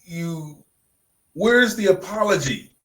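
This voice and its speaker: A man's voice: high-pitched, lively intonation, slow, fairly bright tone, poor audio. A man co-hosting a podcast in casual chat, blunt and emphatic, repeating phrases for punch. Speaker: podcast co-host.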